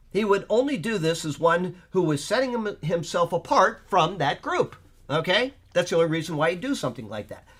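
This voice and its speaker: Higher-voiced man teaching the Bible. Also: fairly bright tone. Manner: checks in with listeners, often asking "okay?"; thinks aloud with fillers while explaining. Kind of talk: informal Bible study lesson.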